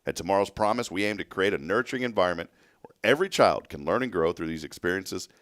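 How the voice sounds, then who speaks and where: A fast-talking man with a deep, expressive voice hosts a local morning show, reading a sponsor message and then chatting casually. He jokes with his co-host and reads viewer shout-outs, all in clean, dry studio sound.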